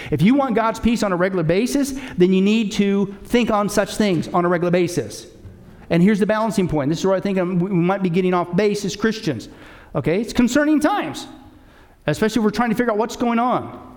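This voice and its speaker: A male pastor preaching with a high, lifted voice. He presses each point hard and keeps throwing questions back at his listeners. Now and then he drops in a dry joke. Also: a little mellow. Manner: emphatic, asks the audience rhetorical questions. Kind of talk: sermon.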